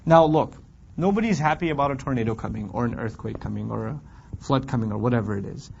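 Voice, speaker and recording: A man teaching a Quran class in a lively, conversational way, firing rhetorical questions at his students and acting out complaining voices. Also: medium pitch, quick pace, gravelly, a little hiss or hum. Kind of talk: classroom lecture on scripture. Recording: dull lo-fi recording.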